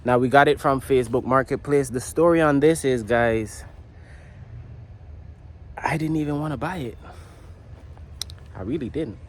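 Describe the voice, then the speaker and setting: In a casual vlog shot in his home garage, a motorcycle builder from the Virgin Islands tells a rambling, slangy story while he works. His voice is mid-range and unhurried, with long pauses.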